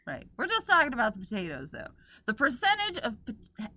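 A woman's voice: a little high, huge pitch swings, fairly quick, sharp tone. A woman co-hosting a podcast in casual chat, earnestly explaining her point and laughing along. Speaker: podcast co-host.

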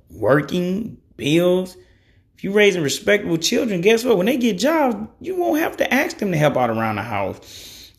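Gravelly-voiced blunt man in his thirties. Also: a little high. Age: 30s. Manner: blunt, cussing, conversational; frequent "you know" fillers. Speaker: podcast host. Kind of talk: opinion monologue.

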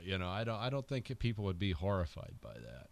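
Low, gravelly and sing-song, this man's brisk voice belongs to an American podcast co-host. He rambles jokingly about a film in casual chat full of fillers.

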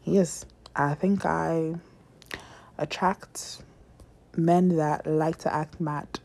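Slow and fairly even, a young woman's low, dark voice with vocal fry relays a dating story on her podcast. She's blunt, profane and dramatic, occasionally dropping to a near-whisper for asides.

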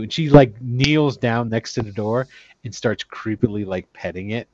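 A man's voice: medium pitch, normal speed, darkish tone, dull audio. A man running a tabletop game as game master, narrating in a loose, casual way.

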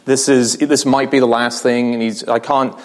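A man chatting on stage at a live podcast recording and spinning long anecdotes. He talks with animated energy, slips into voices for the people he quotes, and laughs along as he goes. His voice sits at an ordinary middle pitch. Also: normal speed. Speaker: podcast guest. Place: live venue with audience.

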